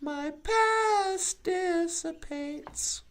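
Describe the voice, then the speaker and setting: A performer voicing a chatty, excitable cartoon woman who rambles and giggles as she muses aloud, birds singing around her. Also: extremely high pitch, extremely slow, full character voice. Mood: musing. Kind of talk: puppet show monologue.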